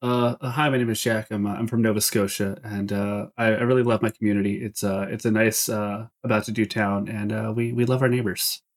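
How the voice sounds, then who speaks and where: A mild, neighborly small-town man, as a man puts him on. He talks haltingly, stumbling over fillers, in a somewhat lowered, earnest voice. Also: level tone, lightly acted.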